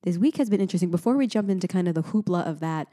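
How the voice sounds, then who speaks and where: A young adult woman co-hosting a podcast in casual chat, talking in an animated way, laughing often and sounding sleep-deprived. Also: on the low side, very fast. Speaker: podcast co-host.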